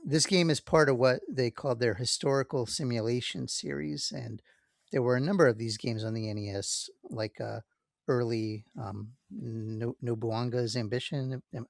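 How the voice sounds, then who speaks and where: A man co-hosting a podcast, talking in a relaxed, rambling way, checking himself as he goes. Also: medium pitch, normal speed, vocal fry, no echo, clean studio sound. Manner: relaxed, rambling, many fillers and self-checks. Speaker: podcast co-host. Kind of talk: casual chat.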